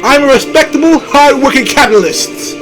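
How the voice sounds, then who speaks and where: A man's voice: very high voice, animated, brisk, fairly bright tone, soft background music, voice pushed up. A man voicing a blustering bird baron villain. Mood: outraged. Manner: blustering, huffy outrage. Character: pompous bird baron, rich, indignant villain.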